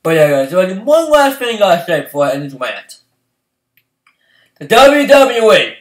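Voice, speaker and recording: A young man ranting as a fan vlogger, swinging from loud outbursts to low mumbling. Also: fast talker, distant mic. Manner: excitable, swings from shouting to mumbling. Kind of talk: heated ranting. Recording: echoey room, voice off-mic.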